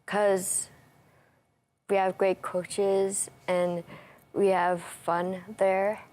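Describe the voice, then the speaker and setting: A woman's voice: medium pitch, flat delivery, very slow, darkish tone. A young woman athlete answering interview questions in short, plain sentences. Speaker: athlete guest.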